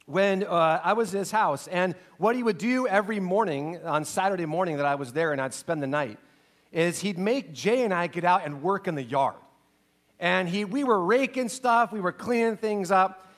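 A middle-aged man preaching a sermon, telling a personal story earnestly, his voice dropping soft and low in emotional passages. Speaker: pastor.

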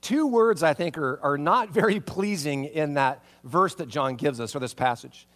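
A man preaching a sermon as pastor in a church, conversational and animated, tossing out rhetorical questions and checking in with listeners. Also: a little high, normal speed. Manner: conversational, full of rhetorical questions and tag "right?"; animated, acts out reactions.

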